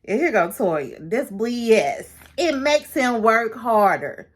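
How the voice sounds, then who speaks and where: A woman's voice: on the high side, very animated, slow, slightly rough. A woman recapping a reality show in casual, gossipy talk, laughing often. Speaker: recap vlogger.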